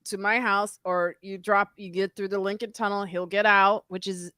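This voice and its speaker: A woman's voice: mid-range voice, flat delivery, moderate pace, sharp tone, clean tone, no echo, studio quality. A woman hosting a podcast, telling a story in casual chat and acting out the quotes with big jumps in her voice. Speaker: podcast host.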